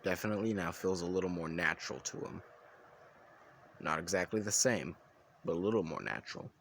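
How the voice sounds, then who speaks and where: A man with a very low voice narrates an improvised fan story casually. He rambles, restarts his sentences and drops in asides. A faint hiss sits under the recording. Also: lively intonation, a little fast, gravelly, a bit bright.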